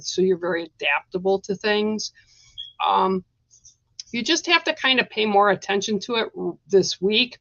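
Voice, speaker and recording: A woman's voice: on the low side, no echo, lo-fi sound. A woman giving a chatty, reassuring live-stream card reading, talking straight to her viewers. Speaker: psychic card reader.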